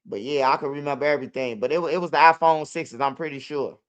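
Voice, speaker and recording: A young man with a Chicago accent, his voice fairly high and fairly even, talks fast and smoothly in an interview. He tells street stories in loose, profane, casual speech, and the audio sounds dull.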